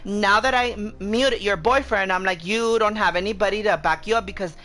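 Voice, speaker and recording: A woman game streamer with a mid-range, fairly bright voice chats casually while heatedly retelling an argument, swearing and quoting herself over and over. She talks fast, repeating "I'm like."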